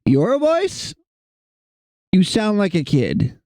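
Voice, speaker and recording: While drawing on a livestream, a young man talks slowly to viewers in a high, gravelly, dark voice whose pitch swoops wildly. His chat is rambling, jokey and self-mocking, with no room sound.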